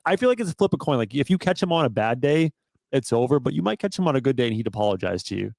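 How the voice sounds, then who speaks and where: A man co-hosting a sports podcast, chatting in a relaxed, wry way. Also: medium pitch, very fast, vocal fry, no echo. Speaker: podcast co-host. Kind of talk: casual sports chat.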